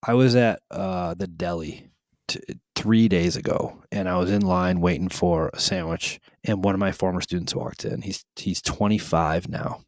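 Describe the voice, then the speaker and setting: A man with a fairly low voice talks casually as a podcast co-host. He tells stories with animation and thinks out loud. The recording is dry and close. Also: normal speed, no room sound. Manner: animated storyteller, musing aloud.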